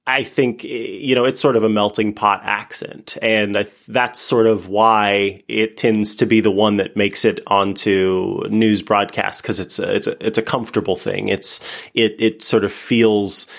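A man's voice: fairly low pitch, flat delivery, measured pace, creaky, fairly bright tone. Chatty Midwestern American man. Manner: chatty, many fillers and restarts, laughs often. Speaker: podcast guest. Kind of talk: casual interview talk.

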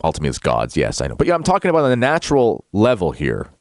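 A man's voice: fairly low pitch, huge pitch swings, rapid-fire, dry recording, studio quality. A male talk show host giving a rambling monologue, then reading a book aloud, with frequent fillers and self-corrections.

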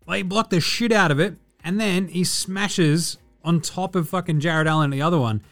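A man's voice: high-pitched, moderate pace, soft background music. A young Australian man hosting a podcast, chatting about sport with lots of swearing and sarcastic jokes. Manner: swears a lot, sarcastic and animated. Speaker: podcast host. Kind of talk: casual sports chat.

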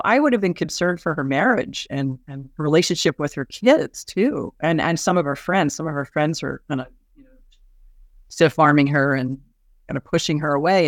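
A woman's voice: sits low, no echo. A woman physician and therapist speaks in a podcast conversation, talking through a patient case. She often trails off and restarts mid-sentence. Her voice is close and dry, with no room sound.

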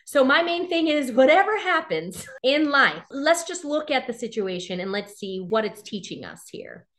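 A middle-aged woman being interviewed, animated and laughing often, acting out quoted voices as she tells stories. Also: sits high, moderate pace. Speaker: interview guest. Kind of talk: casual interview talk.

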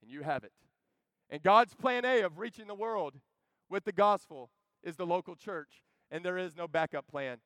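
Impassioned high-voiced male preacher. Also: expressive, moderate pace, dry recording. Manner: impassioned, swinging from loud urging to hushed storytelling. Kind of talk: sermon.

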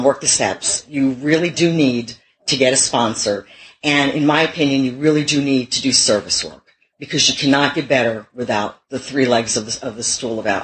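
In an extremely low voice, a middle-aged woman gives a candid, self-mocking personal testimony at a recovery meeting, laughing frequently. The recording is rough.

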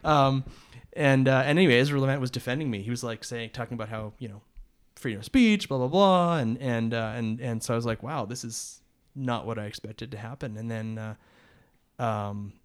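A man's voice: mid-range voice, normal speed, hardly any pauses, smooth. A man, a podcast co-host, telling a long story in a rambling casual way, full of restarts and short laughs.

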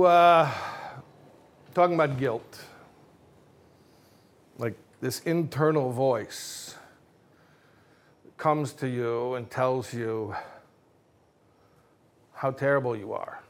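A man giving a religious talk with jokes, speaking in a casual, self-mocking and energetic way. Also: mid-range voice, creaky.

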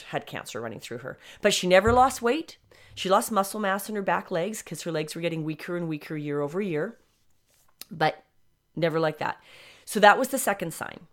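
A middle-aged woman talking casually to her viewers, rambling and emotional, often stopping to correct herself. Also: fairly low pitch. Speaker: dog owner sharing her story. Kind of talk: casual personal vlog.

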